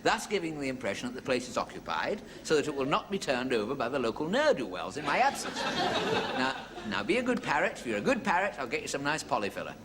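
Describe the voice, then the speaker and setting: A man's voice: mid-range voice, huge pitch swings, fast talker, very noisy. A man voicing a fussy old lady who chatters to her pet parrot. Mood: doting.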